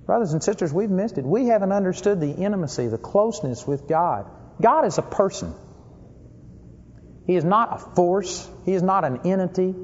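A man delivering a sermon with a fairly high voice that punches key words and then drops low. The recording is dull and lo-fi, with a long reverb trailing off as if in a large hall. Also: breathy edge. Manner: emphatic, swings between loud stress and low asides. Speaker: preacher.

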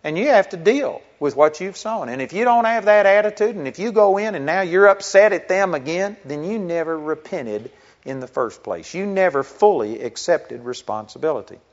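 A middle-aged pastor with a high-sitting, expressive voice preaches a sermon at a moderate pace. His delivery is earnest and conversational, building into emphatic stretches, captured on a dull lo-fi recording.

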